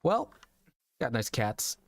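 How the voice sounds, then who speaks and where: Chatting loosely with his audience on a live game stream, a young adult male VTuber rambles and laughs frequently, his voice a little strained. It is mid-range and gravelly with big pitch swings, delivered slowly in a dry recording.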